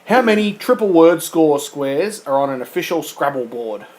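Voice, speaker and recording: A man's voice: on the high side, lively intonation, moderate pace, a little mellow, poor audio. A man co-hosting a podcast, reading quiz questions in casual, teasing banter and laughing often.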